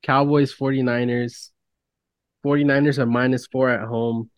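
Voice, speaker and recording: On a sports podcast, a co-host with a medium-pitched voice talks at a moderate pace, with no echo in the sound. His casual talk is animated and full of swearing as he rants about announcers and makes fun of them.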